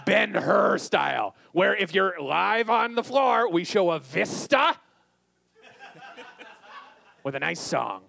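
A brash man riffs and teases on a live comedy stage. His voice sits high and bright with a heavy gravelly fry running through it. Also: very animated. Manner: brash, fast joking, mock threats. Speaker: comedy podcast co-host. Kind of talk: live comedy podcast banter. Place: stage before a live audience.

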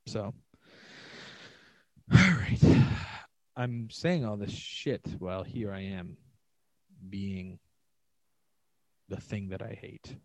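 A man's voice: fairly low pitch, lively intonation, very slow, pauses often, a little mellow, no echo, low-quality recording. Solo podcast host, male comedian: loose, swearing, self-mocking ramble, dry close mic.

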